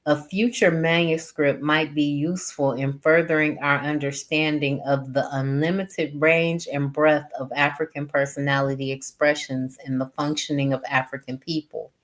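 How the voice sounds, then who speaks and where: A woman slowly reading a text aloud and adding her own comments, pausing between phrases. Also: low voice, fairly even intonation. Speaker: reader and teacher.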